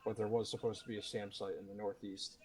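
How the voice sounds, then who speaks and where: Flat-toned man leading a mission debrief. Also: lowish voice, quick pace, rough recording. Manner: matter-of-fact, steady military briefing tone. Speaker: commanding officer running the debrief. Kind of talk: mission debrief over game voice chat.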